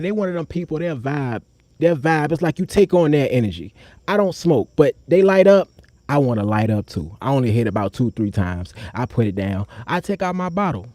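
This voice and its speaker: A young man telling a personal story on a live stream, in a loose, slangy way, breaking off to talk to the chat. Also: dry recording. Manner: acts out other people's voices with sharp jumps up in pitch.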